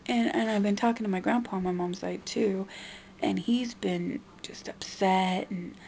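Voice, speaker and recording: A young woman venting to her camera with a frustrated edge, talking at a middle pitch. Her voice has a gravelly, fried texture, and a faint hiss of noise sits under it. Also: fairly even intonation, moderate pace, a little mellow. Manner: frustrated, mimicking others in a high nagging voice. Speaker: vlogger. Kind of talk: venting monologue.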